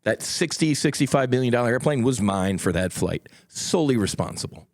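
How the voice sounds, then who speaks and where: A man's voice: mid-range voice, expressive, a little fast, no room sound. A middle-aged man, a former fighter pilot, hosting a solo podcast in a studio, talking in a blunt, combative and profane way with folksy asides to his listeners.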